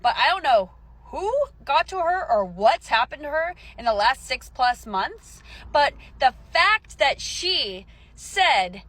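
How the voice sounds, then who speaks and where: A woman's voice: very animated, fairly bright tone. A woman who calls herself a military mom, delivering an angry, profane vlog rant. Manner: profane, heated, rapid shifts in pitch.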